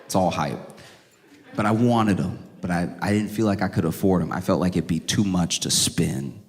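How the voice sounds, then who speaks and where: A man doing stand-up comedy on stage, telling stories with animated, high-pitched exasperation. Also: normal speed. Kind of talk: stand-up set. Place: comedy club stage with a live audience. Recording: live venue with long reverb. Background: audience laughter.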